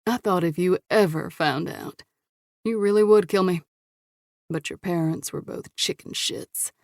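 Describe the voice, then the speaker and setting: A woman's voice: lowish voice, measured pace, creaky, darkish tone, no room sound, clean studio sound. A woman voicing a menacing, smirking male killer in an audiobook, taunting and cold.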